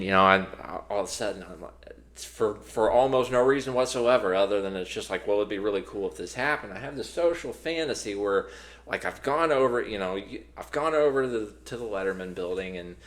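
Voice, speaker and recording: A man's voice: fairly low pitch, a bit bright. A man co-hosting a podcast in casual chat, telling a long story with many restarts and fillers. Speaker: podcast co-host.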